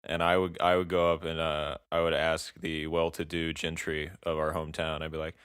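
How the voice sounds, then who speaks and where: A man co-hosting a podcast in casual chat, playful and joking, halting with fillers. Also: extremely low pitch, monotone, fairly bright tone, clear, resonant tone, dry recording, clean studio sound. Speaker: podcast co-host.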